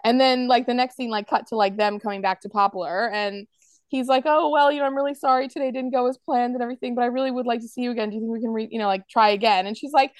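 A woman's voice: a little high, steady tone, fast, dry recording. A woman with an American accent, a podcast co-host in casual chat, rambling with lots of "like" and acting out quotes. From United States. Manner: rambling, heavy use of "like", acts out quotes.

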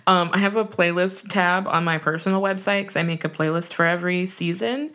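A woman's voice: lowish voice, fairly quick, a bit bright. A woman in her thirties co-hosting a podcast in casual chat, chatty and playful, laughing often and swearing for fun. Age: 30s. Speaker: podcast co-host.

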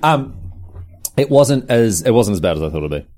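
Male podcast co-host, expressive storyteller, lively swings in pitch. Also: normal speed. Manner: animated storyteller, laughs often, acts out quotes. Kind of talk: casual chat.

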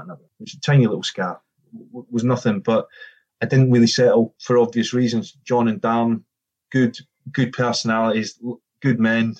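A man's voice: mid-range voice, steady tone, moderate pace, a little mellow, husky, low-quality recording. A middle-aged man and former footballer telling a casual anecdote, acting out the quoted dialogue with frequent restarts.

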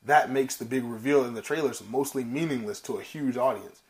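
A man's voice: mid-range voice, a little fast. A man co-hosting a casual movie podcast, swearing freely and reading articles aloud between asides. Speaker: podcast co-host.

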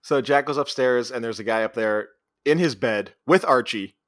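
A man's voice: medium pitch, moderate pace, fairly bright tone, no room sound, studio quality. A man co-hosting a podcast, animatedly retelling a movie's scenes in casual chat and acting out the characters' lines. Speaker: podcast co-host.

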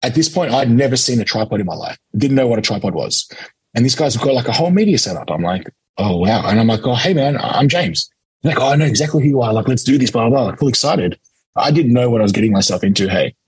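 A young Australian man, an interview guest, telling a lively casual story and acting out quoted lines. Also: mid-range voice, fast talker, breathy edge, dry recording, low-quality recording. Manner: animated anecdote-telling, acts out quotes. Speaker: interview guest, competitive eater.

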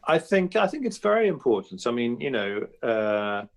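A man speaking as a comedy guest in an interview, telling animated anecdotes with frequent restarts. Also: medium pitch, normal speed. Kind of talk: conversational interview.

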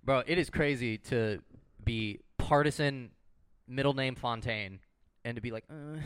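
A man's voice: mid-range voice, unhurried, a little hiss or hum. A man co-hosting a podcast in casual chat, skeptical and argumentative. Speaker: podcast co-host.

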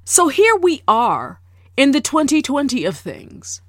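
A woman hosting a casual monologue, emphatic and deliberate, repeating words to drive her point home. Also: high voice, huge pitch swings, a bit bright, no echo, studio quality. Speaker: podcast host.

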